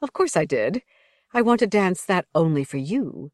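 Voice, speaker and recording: A woman reading the part of a soft-voiced, pleading young woman dancer. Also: fairly low pitch, big pitch swings, normal speed, no room sound, clean studio sound.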